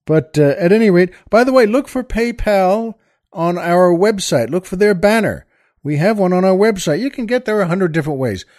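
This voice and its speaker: A man's voice: high voice, expressive, moderate pace, a little mellow, dry recording, clean studio sound. A man hosting a podcast in a casual monologue, rambling with many fillers and restarts. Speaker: podcast host.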